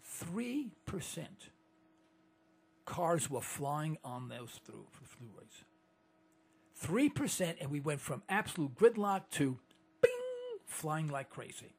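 A man's voice: a little high, sing-song, a little slow, breathy edge. A man giving an indignant, rambling monologue as a host, often restarting his sentences. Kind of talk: monologue to listeners.

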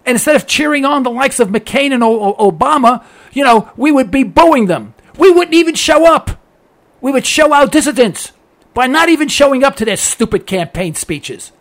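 High-voiced gravelly man ranting. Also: animated, moderate pace, a bit bright. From United States. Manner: emphatic, sarcastic, hammers points by repetition. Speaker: political commentator. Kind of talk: opinionated radio-style monologue.

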